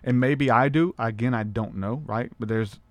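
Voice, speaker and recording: Chatty podcast host, dry close mic. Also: male voice, mid-range voice, no room sound. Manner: chatty, hedging, quick bursts. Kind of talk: casual conversation.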